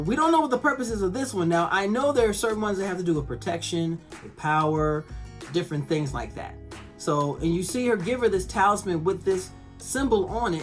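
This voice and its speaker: A woman reviewing a TV episode in a casual, animated way, swearing and acting out the characters' lines. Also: mid-range voice.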